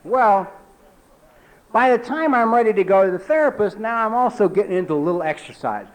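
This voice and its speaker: A man in his forties telling a personal recovery story at a meeting, talking conversationally with lots of "you know" and dropping low and quiet for emphasis. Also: lively intonation, a little fast, low-quality recording. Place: meeting hall.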